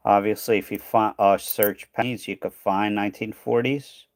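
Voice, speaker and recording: With a lowish, steady voice at a moderate pace, the coin hunting channel host chats casually on his livestream while sorting coins. He thinks aloud and trails off, tired and losing his voice.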